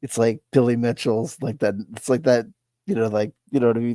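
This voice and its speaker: A man's voice: mid-range voice, fairly even intonation, fairly quick, warm tone, no room sound. A man giving blunt, rambling commentary on a video he reacts to, with many restarts. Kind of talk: casual opinionated commentary.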